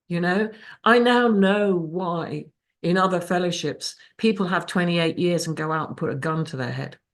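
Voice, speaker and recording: Low-voiced woman sharing raw testimony. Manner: raw and emotional, swears freely. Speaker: speaker sharing her recovery story. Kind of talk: personal testimony at a support meeting. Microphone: video call.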